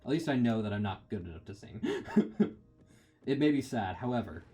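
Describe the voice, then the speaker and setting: A man narrates his video game session in rambling, self-mocking let's play style, with faint game music in the background. His medium-pitched, dark-toned voice swings hugely in pitch at a moderate pace.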